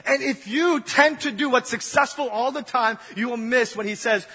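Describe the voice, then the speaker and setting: A young man preaches in a church hall, keeping it casual and acting out little scenes as he goes. His voice sits high and sounds bright and a little husky. Long reverb rings off the walls of the hall. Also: moderate pace. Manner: casual, joking storytelling, acts out voices. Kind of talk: sermon.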